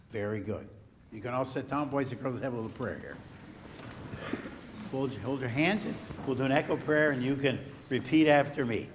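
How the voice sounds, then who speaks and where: A man serving as pastor, reading the gospel and then giving a lively children's message in church, coaxing the kids to cheer and repeat after him. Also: mid-range voice. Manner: slow, animated, coaxing children to join in. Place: church sanctuary.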